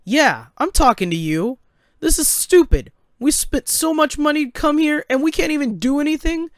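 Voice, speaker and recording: A man voicing an indignant passenger yelling across a crowded room. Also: very high-pitched, animated, moderate pace, no echo, studio quality, pitched above the performer's own voice. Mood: furious. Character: angry loud adult male passenger.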